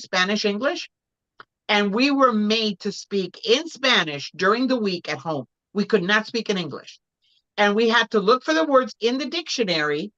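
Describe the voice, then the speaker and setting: A woman from Puerto Rico chatting casually as a guest, telling stories in an animated way. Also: medium pitch, lo-fi sound. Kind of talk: casual chat.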